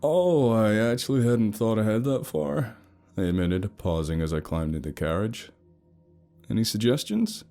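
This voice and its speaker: A man's voice: fairly low pitch, normal speed, creaky, mellow, soft background music. A man narrating a first-person romance horror story in a wry, sarcastic storytelling manner.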